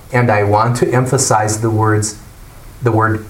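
A man teaching a Bible class, explaining and asking the class questions in an animated way. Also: lowish voice, unhurried. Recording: echoey room, mic far off, faint noise.

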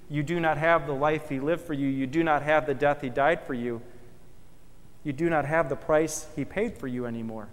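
Male pastor, fairly high voice, dramatic sermon delivery, long church reverb. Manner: emphatic, swells loud then drops soft and slow. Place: church sanctuary.

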